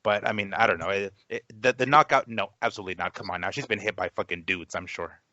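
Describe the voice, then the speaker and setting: Fast, rambling low-voiced male co-host. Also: pushed and bright, no room sound, muffled recording. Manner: rambling, many fillers and restarts. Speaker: podcast co-host. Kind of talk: casual sports podcast chat.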